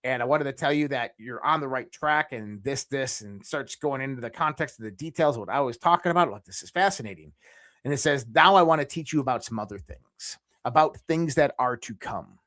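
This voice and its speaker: A man's voice: medium pitch, brisk. A man guest telling a long personal story in casual conversation, acting out the dialogue and swearing freely. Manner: animated, acts out quoted dialogue, swears freely.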